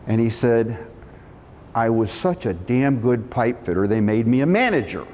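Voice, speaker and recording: A middle-aged man telling a story from his working life, animated, acting out the quotes. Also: moderate pace. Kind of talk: storytelling talk. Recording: long reverb of a hall, faint rumble.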